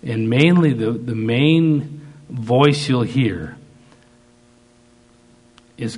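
A man preaching a sermon, slow and emphatic, piling up repeated phrases. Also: mid-range voice, a little mellow.

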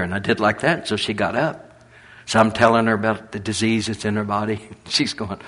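An older man preaching, telling animated folksy stories and laughing through them. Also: lowish voice, a little fast, slightly rough. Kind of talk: storytelling sermon.

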